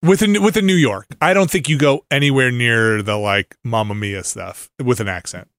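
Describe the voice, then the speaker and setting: A man's voice: medium pitch, moderate pace, a bit bright, no room sound, studio quality. A man hosting a podcast in casual chat, laughing often and trailing off into mumbles. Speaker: podcast host.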